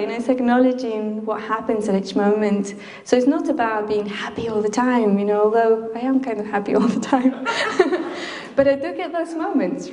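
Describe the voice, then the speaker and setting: A woman's voice: on the high side, darkish tone. A woman from Chile giving an informal talk to a group in a library meeting room, chatty, with frequent laughs and fillers. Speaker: speaker addressing a group. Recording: echoey room.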